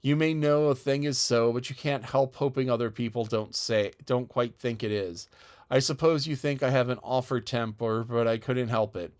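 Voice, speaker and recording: A man's voice: medium pitch, fairly even intonation, normal speed, natural voice. A man voicing a passionate, defiant young orphan girl in an audiobook, speaking tearfully and stubbornly. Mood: wailing. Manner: tearful, wailing, obstinate. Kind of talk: audiobook character voice.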